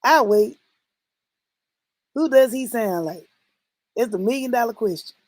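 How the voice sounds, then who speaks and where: Streamer host, woman, animated, quizzes chat, fairly high voice, dry close sound. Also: unhurried, no echo. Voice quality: animated, quizzes her viewers, exclaims often. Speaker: livestream host reacting to skits. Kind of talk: casual reaction stream chat.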